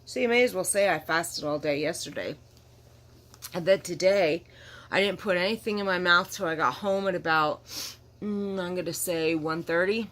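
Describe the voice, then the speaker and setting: A woman's voice: fairly low pitch, normal speed, fairly bright tone. A tired middle-aged woman chatting candidly to her camera in a rambling, apologetic vlog, yawning now and then. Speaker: vlogger. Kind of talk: casual vlog chat to camera.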